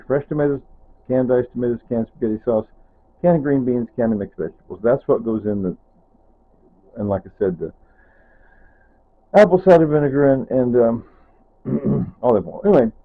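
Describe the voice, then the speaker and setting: A man talking casually to camera in his home kitchen, rambling and wandering off topic, often trailing off with "anyway" and "whatever.". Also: medium pitch. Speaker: vlogger. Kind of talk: casual kitchen vlog narration. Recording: tinny phone-like sound.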